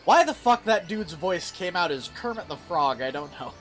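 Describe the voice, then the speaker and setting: A man with a high voice for a man, swearing and exasperated as he comments on a video game. Game music plays clearly behind him. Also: expressive, normal speed, a bit bright. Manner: profane, exasperated. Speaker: streamer. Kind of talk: let's play commentary.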